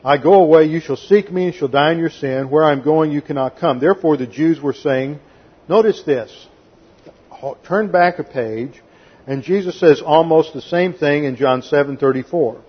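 A man's voice: on the high side, moderate pace, husky, lo-fi sound. A man preaching a methodical expository sermon, explaining Greek grammar and reading scripture aloud. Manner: methodical, explains Greek grammar, occasional sarcastic voicing of quotes. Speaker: pastor. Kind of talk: expository Bible teaching sermon.

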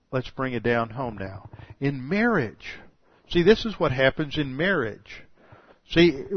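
An older man preaching a sermon, animated and full of rhetorical questions, often restarting his sentences. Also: mid-range voice, no room sound. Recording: dull lo-fi dry sound.

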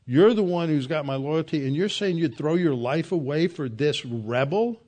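A preacher plays a loyal soldier stung by his king's words. The voice rises high and sharp in disbelief, protesting with emphatic questions. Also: moderate pace, lightly acted. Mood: incredulous. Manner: incredulous, protesting. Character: loyal soldier, offended and incredulous.

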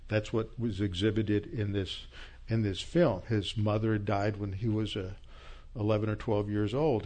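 A man's voice: fairly low pitch, a little mellow. A man teaching a church Bible class in a conversational, reflective lecturing style and closing in prayer.

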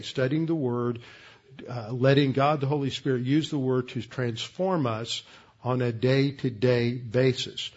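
A man's voice: medium pitch, steady tone, normal speed, darkish tone, husky, highs cut off. A man teaching through Bible passages verse by verse, explaining word meanings methodically with frequent "uh" restarts.

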